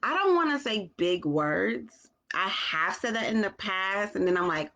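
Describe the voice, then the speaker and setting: A woman chats straight to her viewers in a slow, careful way. She often stops and restarts mid-sentence, taking her time to get the words out. Her voice sits at an ordinary middle pitch. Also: lively intonation, pushed and bright. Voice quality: slow, deliberate delivery. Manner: halting, with restarts and long pauses. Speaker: parent vlogger. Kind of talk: casual talk to camera.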